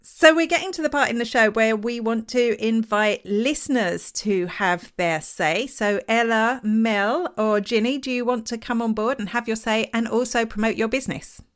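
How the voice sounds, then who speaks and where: A woman with an Essex accent from England co-hosts a podcast, chatting casually with frequent laughs and ranty asides. Her voice is a little high, and she talks at a moderate pace with few pauses.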